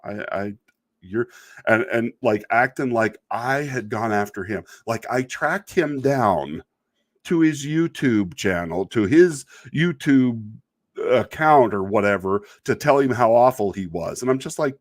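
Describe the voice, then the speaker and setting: A middle-aged man talking off the cuff as a show host, pitched in the ordinary middle range for a man. He rambles with a wry, exasperated edge and breaks into small self-mocking laughs. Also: big pitch swings, a little slow. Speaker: video podcast host. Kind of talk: casual monologue about online commenters.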